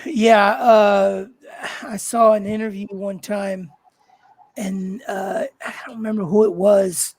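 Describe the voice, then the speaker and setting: Halting co-host voice, dry sound. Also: mid-range voice, level tone, darkish tone, breathy edge, dry recording. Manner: halting, searching for words with many fillers. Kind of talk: casual livestream chat.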